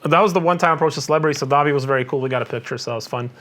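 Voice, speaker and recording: Fast-talking, slightly high-voiced man host. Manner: quick and animated, mimics people in stories. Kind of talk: casual chat.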